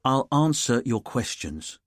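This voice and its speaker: A man's voice: medium pitch, big pitch swings, slow pace, dry recording, clean studio sound. A man voicing a cagey, defensive male suspect with a London accent in an audiobook. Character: evasive cocky male rum seller from Essex.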